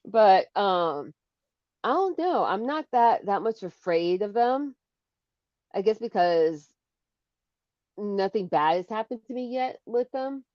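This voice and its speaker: A woman co-hosting a live show, telling stories in a casual, animated way. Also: mid-range voice, takes it slowly, long pauses, no room sound. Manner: animated, bursts into shrieks and laughter when acting out scares. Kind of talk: casual storytelling chat. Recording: dull lo-fi sound.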